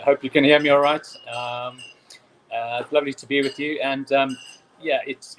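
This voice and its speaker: A man's voice: mid-range voice, fairly bright tone, a little hiss or hum, low-quality recording. Enthusiastic man on a remote call. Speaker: wine merchant guest. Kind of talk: interview answers. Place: London.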